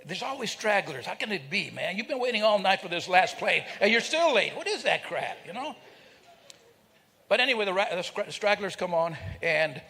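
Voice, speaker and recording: A man's voice: high-pitched, big pitch swings, moderate pace, creaky, sharp tone, breathy edge. An older man telling a funny story to a live audience, joking and teasing people in the crowd. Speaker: speaker at a celebration. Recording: reverberant hall.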